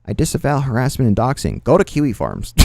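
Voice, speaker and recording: A man's voice: medium pitch, wildly swooping pitch, fast talker, gravelly, darkish tone, no room sound. A man streaming, commenting on drama and reading chat with sarcastic asides and swearing. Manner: sarcastic, swears freely, trails off into mutters.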